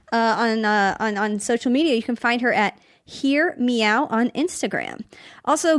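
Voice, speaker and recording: A woman's voice: a little high, dry recording, clean studio sound. A woman co-hosting a podcast, reading listener plugs and chatting in an upbeat way. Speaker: podcast co-host.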